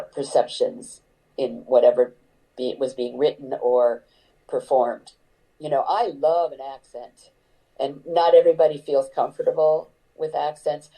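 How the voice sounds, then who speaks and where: A woman's voice: deep voice, mellow, rough recording. An older woman, an actor, speaking candidly as an interview guest, earnest and reflective, with frequent fillers and restarts.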